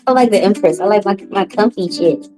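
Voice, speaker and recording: A woman reading cards on a home livestream, loose and profane. Her pitch sits in a middle range but leaps high when she reacts. Faint music plays behind her. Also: fairly quick, warm tone, low-quality recording. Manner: loose, profane, chatty, talks straight to viewers. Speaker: livestream card reader. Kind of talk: casual livestream tarot reading.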